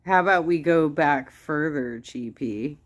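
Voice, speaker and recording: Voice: mid-range voice, measured pace. A co-host reacting to a clip with sarcasm and exasperated disbelief. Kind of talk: reaction commentary.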